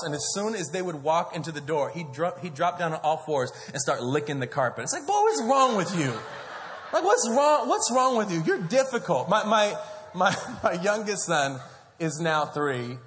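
Joking pastor in a reverberant hall. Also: male voice, high voice. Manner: joking, animated storytelling to a congregation, calls for amens. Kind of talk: sermon. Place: large church auditorium. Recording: long hall reverb from a church auditorium.

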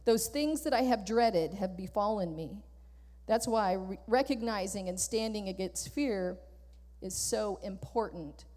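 A woman pastor preaching a sermon with animated, emphatic delivery and lots of repetition. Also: medium pitch, a little slow. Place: church sanctuary. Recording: church hall reverb.

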